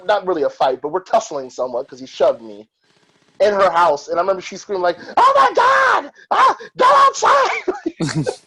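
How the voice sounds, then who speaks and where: A man hosting a podcast who tells personal stories in a candid, profane and animated way. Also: on the high side, low-quality recording. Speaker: podcast host. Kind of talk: casual podcast storytelling.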